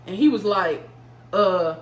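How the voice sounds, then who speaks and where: Animated woman telling a story, echoey room. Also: a little high, moderate pace. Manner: animated, swears freely, talks straight to viewers. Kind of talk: casual storytime.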